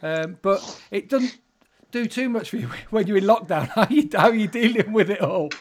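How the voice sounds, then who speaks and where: A man with a Yorkshire accent hosting a casual chat, jokey and lively. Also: sits high, normal speed. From Yorkshire, England. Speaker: host.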